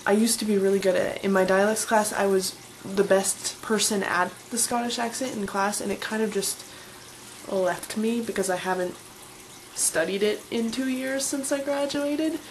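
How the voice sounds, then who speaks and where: A woman in her twenties from Colorado, USA, chats casually and enthusiastically while answering questions in her vlog. Her voice is mid-range at a moderate pace, captured in a low-quality recording with slight background noise.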